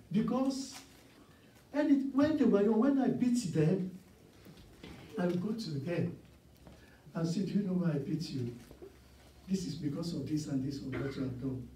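A man's voice: a little high, animated, unhurried, pauses often, dark tone, a little hiss or hum. A man in his sixties preaching a sermon as a guest preacher, telling personal stories earnestly with emphatic repeats. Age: 60s. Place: church sanctuary. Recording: roomy church sound from a distance.

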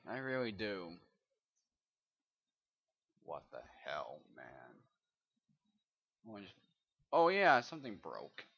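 A man rambling and swearing through casual commentary while he plays a video game, muttering to himself, over a dull lo-fi mic. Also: mid-range voice. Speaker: gamer doing a let's play.

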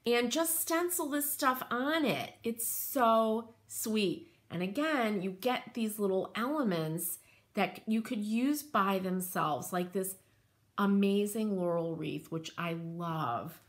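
A woman's voice: mid-range voice, fairly bright tone. A woman hosting a craft channel, chatting casually and gushing with enthusiasm while rambling through asides. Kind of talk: casual show-and-tell chat.

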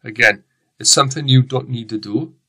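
A Welsh man teaches a recorded science lesson with a bright, forward voice. He talks in a chatty, rambling way, breaking off and restarting his sentences as he goes. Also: mid-range voice, a little fast. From Wales. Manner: chatty, rambling, self-correcting.

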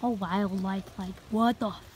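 A woman's voice: mid-range voice, steady tone, a little slow, darkish tone, low-quality recording. A jumpy woman walks a wooded trail and talks into the phone in her hand. Her voice sits in a middle register, and she swears often and mutters half under her breath. A faint hiss of outdoor noise runs behind her. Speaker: vlogger. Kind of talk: nervous solo walking vlog. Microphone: phone held in hand.

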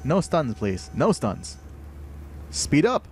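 A man hosting a game livestream, commentating as he plays, prone to excitable high-pitched outbursts and thinking aloud with many fillers. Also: slow, soft background music. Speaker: livestream host playing a game. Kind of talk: live gameplay commentary.

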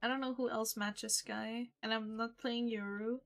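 A woman's voice: on the high side, fairly even intonation, moderate pace, vocal fry, fairly bright tone. A woman streamer chatting casually while gaming, playful and given to humming nonsense syllables into her mic.

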